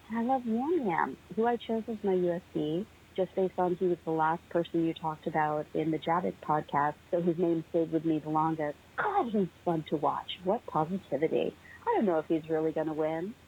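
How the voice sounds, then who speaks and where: Excited chatty woman on a phone line. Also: low-pitched, slightly rough. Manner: excited, chatty, laughs often. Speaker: podcast caller. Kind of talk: casual voicemail chat.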